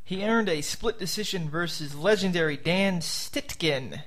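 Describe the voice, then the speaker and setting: A man with a fairly high voice co-hosting a sports podcast. He talks in quick, casual banter and drops the odd dry joke. The tone is relaxed and conversational. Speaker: podcast co-host.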